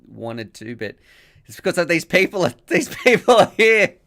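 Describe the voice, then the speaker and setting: A man hosts a casual live stream, rambling and thankful, laughing often as he reads out donations and chat messages. His voice is high, sing-song and pushed and bright, at a moderate pace.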